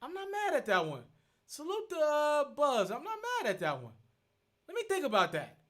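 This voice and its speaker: A man hosting a live stream, thinking out loud as he works through viewer questions. His voice sits high and sounds bright and forward. He restates his points as he goes and stays earnest. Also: wildly swooping pitch, normal speed. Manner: thinks aloud, repeats himself, earnest. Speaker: host.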